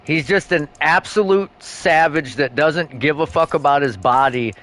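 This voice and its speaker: A man's voice: a little high, unhurried. A man streaming a game, telling stories in casual chat with lots of swearing and bursts of laughter. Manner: animated, profane storytelling with bursts of laughter. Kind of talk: casual chat while gaming.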